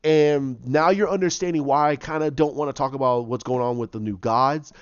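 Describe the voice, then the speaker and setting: A man's voice: mid-range voice, brisk, smooth, dry recording, highs cut off. A man casually retelling his own movie idea, rambling with many restarts and repeated words. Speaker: fan pitching his own movie plot.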